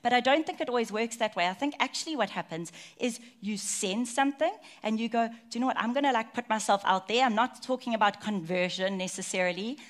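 A woman's voice: medium pitch, fairly bright tone. A woman, preaching to her church. She talks in a chatty, personal way and keeps stopping for stories and asides. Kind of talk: sermon.

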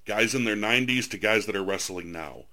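A man's voice: fairly low pitch, a little fast, sharp tone. A man hosting an interview, a historian and author, chatting casually and telling anecdotes with enthusiasm.

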